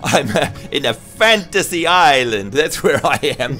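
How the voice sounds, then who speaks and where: A man's voice: a little high, expressive, unhurried. A man from New Zealand chatting casually and teasing friends while streaming a game. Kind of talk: casual live-stream chat.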